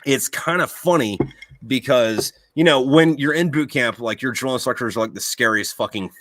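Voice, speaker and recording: A male podcast host in casual chat, telling long, profane stories full of fillers. His voice is bright and forceful, with a medium pitch. The sound is dry and close. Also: normal speed, no room sound. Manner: profane, rambling storyteller.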